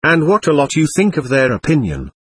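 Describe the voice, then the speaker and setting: A man's voice: on the high side, wildly swooping pitch, a little fast, fairly bright tone, breathy edge, heavily acted. A man reading the lines of a mocking, sarcastic old male buffoon in a storybook reading. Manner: sarcastic, teasing.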